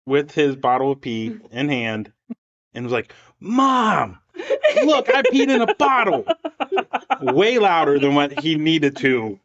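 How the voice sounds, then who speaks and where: A man's voice: mid-range voice, dull audio. A man casually telling a family anecdote on a podcast, acting out the voices of the people in it. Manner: animated, acts out voices in his anecdotes. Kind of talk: casual storytelling.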